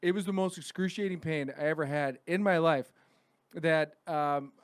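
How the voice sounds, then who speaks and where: A man in his late thirties hosting a comedy podcast, telling stories in a profane, animated, casual way. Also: a little high, moderate pace, clean tone, no room sound. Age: 30s. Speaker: podcast host.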